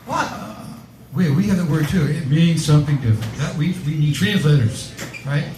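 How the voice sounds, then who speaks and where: Halting stand-up comic man, high voice. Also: animated, reverberant, noisy background. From Connecticut, USA. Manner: halting, filler-heavy delivery. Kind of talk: stand-up comedy set.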